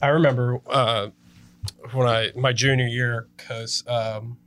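A man's voice: medium pitch, little pitch movement, slow, fairly bright tone. A young man with a New Jersey accent, co-hosting a casual podcast chat, rambling through stories with lots of swearing and laughter. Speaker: podcast co-host.

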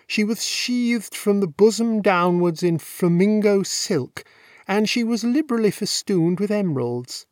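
A man reading a classic novel aloud as an audiobook narrator, with measured, wry and elegant phrasing. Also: high voice, darkish tone, no room sound, clean studio sound.

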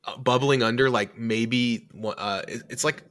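A man co-hosting a casual movie podcast, talking in an animated way with lots of "like" fillers. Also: mid-range voice, measured pace. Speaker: podcast co-host.

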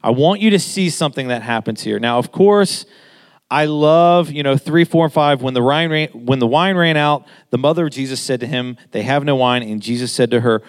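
A man in his thirties preaching a sermon in a casual, conversational way, getting animated as he makes his point. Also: mid-range voice, normal speed, clear, resonant tone.

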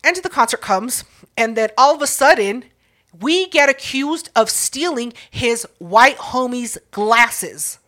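A young woman tells a story in loose, casual chat. Her voice sits fairly high and rings bright and forceful. She swears freely, laughs a lot and acts out every quote. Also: animated, unhurried.

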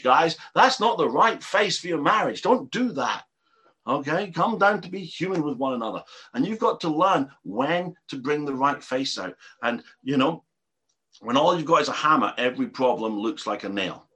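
A middle-aged man preaching a sermon as a pastor, telling stories animatedly and dropping from loud to hushed. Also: medium pitch.

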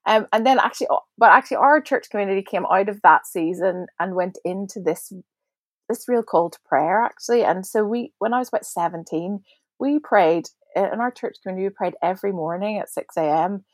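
A woman's voice: medium pitch, fairly quick, no room sound. A Northern Irish woman in her forties, a guest on a faith podcast, talking in a chatty, reflective way with many fillers and restarts. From Northern Ireland. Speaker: guest, prayer ministry leader.

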